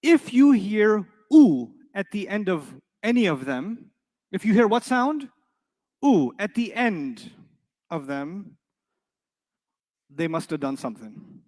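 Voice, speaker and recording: A man's voice: high voice, sing-song, takes it slowly, pauses often. A middle-aged man teaching Arabic to a live class, playful and jokey, often quizzing his students. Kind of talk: classroom lecture to a live audience. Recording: reverberant lecture hall.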